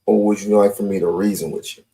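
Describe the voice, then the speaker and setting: A man's voice: on the low side, fairly even intonation, fast, warm tone. A man hosting a live call-in stream, talking confrontationally and repeating his points. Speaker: livestream host.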